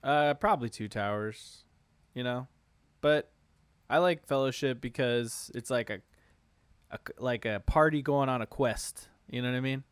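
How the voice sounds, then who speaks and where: A man's voice: mid-range voice, normal speed, clear, resonant tone, no echo. A man hosting a casual podcast chat, laid-back, laughing often and swearing freely. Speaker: podcast host.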